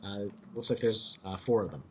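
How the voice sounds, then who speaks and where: A man's voice: lowish voice, normal speed, a bit bright, a little hiss or hum. A man narrating as game master in a tabletop game, loose and chatty with fillers.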